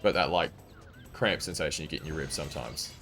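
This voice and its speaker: A man's voice: a bass voice, quick pace, gravelly, fairly bright tone, faint music behind. A young man with a non-American English accent, a game streamer chatting casually and telling a rambling story full of fillers. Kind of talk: casual chat while streaming.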